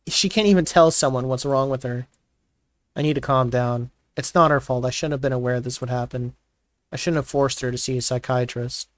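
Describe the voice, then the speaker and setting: Man deadpan-reading a story aloud. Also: mid-range voice, no room sound. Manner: deadpan narration with loud exasperated outbursts. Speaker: host reading fan fiction. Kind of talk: comedic dramatic reading.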